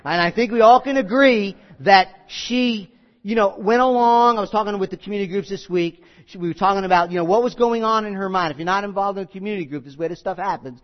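Guy pastor preaching, jokey and folksy but earnest, highish voice, kinda muffled. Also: quick pace. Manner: folksy, joking, then earnest and emphatic. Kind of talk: sermon. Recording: slightly muffled recording.

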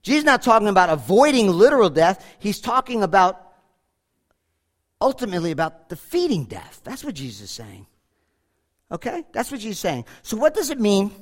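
A pastor preaching a sermon, emphatic, often dropping to a hush and asking the congregation direct questions. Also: male voice, high-pitched, very animated, fairly quick. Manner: emphatic preaching, swings from loud to hushed.

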